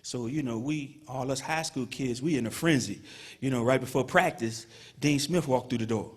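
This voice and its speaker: Husky man telling a story at an induction. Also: medium pitch, moderate pace. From Petersburg, Virginia. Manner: conversational storytelling with many "you know" fillers. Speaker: Hall of Fame inductee giving a speech. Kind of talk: induction ceremony speech, storytelling. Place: ceremony hall, speaking to an audience.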